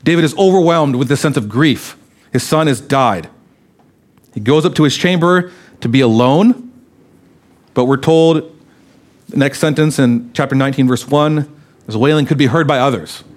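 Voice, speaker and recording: Guy preaching a sermon, reads the bible passage with lots of feeling, mid pitched voice. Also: normal speed, long pauses. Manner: expressive Bible reading, voicing quoted lines. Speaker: pastor.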